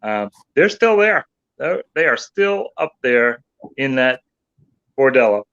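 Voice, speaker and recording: A male paranormal investigator telling animated anecdotes in casual chat. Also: medium pitch, slow, clear, resonant tone, muffled recording. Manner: animated anecdote teller, voices others in quotes.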